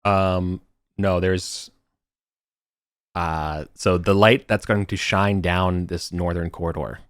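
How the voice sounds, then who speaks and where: A man's voice: low voice, fairly even intonation, slow pace, clear, resonant tone, no echo, clean studio sound. A man running a tabletop game over an online voice call, talking casually and correcting himself as he goes. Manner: rambling, self-correcting, casual. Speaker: game master.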